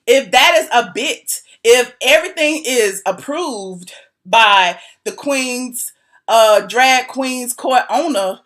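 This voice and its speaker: A woman hosting a gossip commentary channel, talking to her viewers in a sassy, animated, teasing way and laughing often. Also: fairly high pitch, slow. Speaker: YouTube commentary host.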